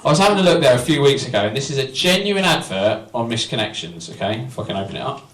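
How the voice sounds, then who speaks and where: A young comic delivers a very animated stand-up routine at a small venue, teasing himself and chatting with the crowd. He speaks fast in a mid-range, fairly bright voice, recorded from a distance in a roomy space as the audience laughs and cheers.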